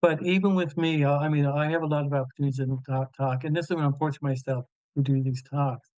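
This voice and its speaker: A man's voice: fairly high pitch, steady tone, quick pace, darkish tone, dry recording, muffled recording. A man, who stutters openly with many repeated sounds and fillers as a guest speaker in an online Q&A. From Newfoundland and Labrador, Canada. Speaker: guest speaker and radio show host. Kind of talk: conversational answer in an online Q&A.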